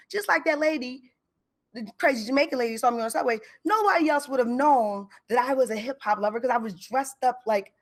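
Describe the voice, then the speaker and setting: Woman telling a personal story, lively. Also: sits high. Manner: lively and conversational, acting out quoted lines.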